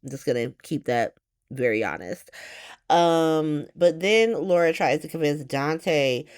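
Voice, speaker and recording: A woman with a low-pitched voice hosts a casual podcast recap. She talks bluntly and sarcastically, swears freely, and rambles through fillers. She keeps tossing out exasperated rhetorical questions. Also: animated, a little slow, darkish tone, smooth. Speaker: podcast host recapping a soap opera.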